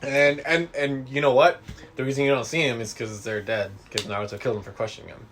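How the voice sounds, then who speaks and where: A man's voice: medium pitch, steady tone, fast talker, a bit bright. A young man co-hosting a casual podcast, rambling with lots of fillers and laughter. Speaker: podcast co-host. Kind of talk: casual chat.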